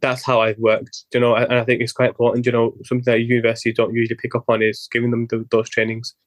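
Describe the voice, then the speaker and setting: A man's voice: medium pitch, monotone, dry recording. A young man talking as a guest physiotherapist in a podcast interview, rambling with many restarts and quoting his own past thoughts. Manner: rambling, quick, many restarts and quoted self-talk.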